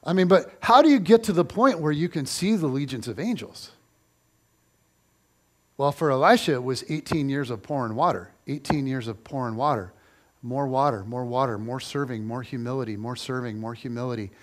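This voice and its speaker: A middle-aged male pastor preaching a sermon, telling stories with lively repetition for emphasis. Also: mid-range voice, normal speed. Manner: animated storytelling, repeats phrases for emphasis.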